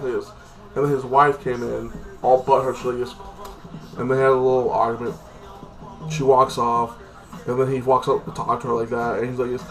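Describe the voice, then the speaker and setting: A man's voice: mid-range voice, flat delivery, brisk, a bit bright, distant mic, soft background music, poor audio. A man giving a casual, rambling recap of a TV episode, often saying "like this" and "like that" and swearing offhand. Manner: rambling, heavy use of "like this" and "like that". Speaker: TV episode reviewer.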